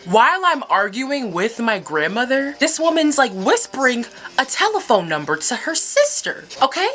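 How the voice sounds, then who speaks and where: A young woman vlogger telling a story in a casual, profane way, with sudden high yelps. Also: sing-song, normal speed, fairly bright tone, soft background music. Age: young adult. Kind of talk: storytime vlog.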